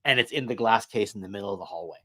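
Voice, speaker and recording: A man's voice: lowish voice, rapid-fire, a bit bright, dry recording. A man appearing as a guest on a casual podcast, weighing his points thoughtfully and often ending with "right?". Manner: reflective, checks agreement with "right?". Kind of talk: casual chat.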